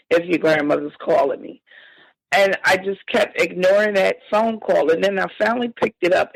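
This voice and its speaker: A woman telling a painful family story as a podcast guest, halting and emotional with frequent restarts. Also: on the low side, creaky, husky, no room sound, low-quality recording. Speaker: victim's sister, interview guest. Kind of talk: personal account in a podcast interview.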